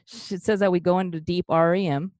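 Low-voiced woman joking as the skeptic. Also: fairly even intonation, quick pace, darkish tone, no echo. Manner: joking, interrupting skeptic who swears freely. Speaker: podcast co-host and skeptic. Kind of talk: casual banter.

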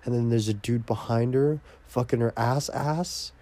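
A young man in a casual video diary, rambling crudely and breaking into loud, profane, exasperated outbursts. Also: mid-range voice, normal speed, dry recording. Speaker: vlogger.

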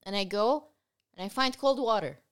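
A woman's voice: medium pitch, normal speed, clean tone. A young woman co-hosting a podcast in casual chat, blunt and exasperated, swearing and laughing often. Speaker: podcast co-host.

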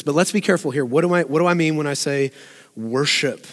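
A man's voice: a little high, fast, a bit bright. A man preaching a sermon as pastor, in a conversational way that asks the congregation questions and laughs often. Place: church sanctuary. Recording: long reverb of a large hall.

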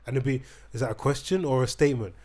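A man's voice: mid-range voice, fast talker, darkish tone. Rambling young man hosting. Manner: rambling, restarts, teasing. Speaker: podcast host. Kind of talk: casual chat.

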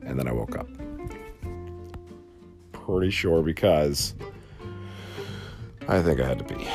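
A man hosting a casual solo podcast, telling a long story in a rambling, animated way with many fillers, from a small home studio. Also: rumbling low, slow pace, gravelly, pauses often, soft background music. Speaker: podcast host.

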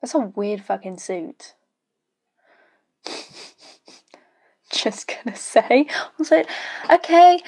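A woman's voice: high voice, dark tone. A young woman giving casual, blunt, sweary reaction commentary while watching a show. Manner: blunt, sweary, chatty asides. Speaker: YouTube reaction host.

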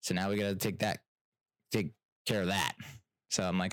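A man's voice: deep voice, flat delivery, normal speed, fairly bright tone, no room sound, studio quality. A young man telling a travel story as a casual rant, exasperated and sarcastic, laughing often and swearing.

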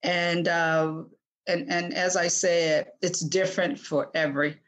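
A woman's voice: lowish voice, fairly even intonation, unhurried. A woman in her sixties, a guest author speaking earnestly in an interview, often restarting her sentences. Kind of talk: podcast interview.

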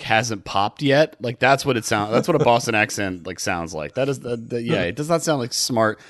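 A man's voice: medium pitch, dry recording. A man co-hosting a casual comedy chat, talking in a hesitant, rambling way. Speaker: podcast co-host.

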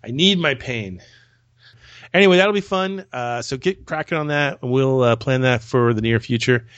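A man's voice: medium pitch, moderate pace, fairly bright tone, no echo, dull audio. A man hosting a casual podcast chat. He rambles and repeats words as he starts his sentences. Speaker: podcast host.

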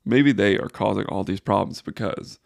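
A man's voice: lowish voice, normal speed, creaky, a little mellow, dry recording, clean studio sound. A man hosting a solo sports podcast, ranting in exasperated frustration. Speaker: podcast host.

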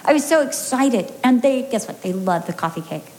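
An American woman pastor preaching a sermon, telling a personal story with lively acted-out quotes. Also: on the high side, normal speed, hardly any pauses, a little hiss or hum. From United States.

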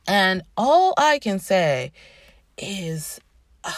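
A woman's voice: fairly high pitch, lively intonation, measured pace, no echo. A woman giving a casual book review, gushing and rambling with many fillers, and reading a passage aloud.

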